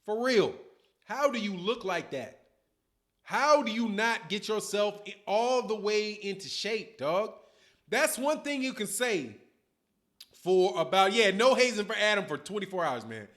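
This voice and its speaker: A man in his fifties hosting a boxing livestream, talking in slangy, animated casual commentary and answering viewer chat. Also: high voice, unhurried. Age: 50s. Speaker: boxing channel host.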